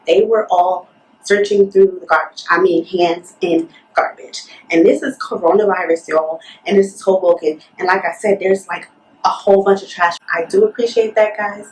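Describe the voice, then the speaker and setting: A young woman vlogger telling a storytime in an indignant, fired-up way, full of "like". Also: fairly low pitch. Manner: fired-up, indignant, talks with lots of "like". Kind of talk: storytime retelling. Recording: roomy echo, mic at a distance.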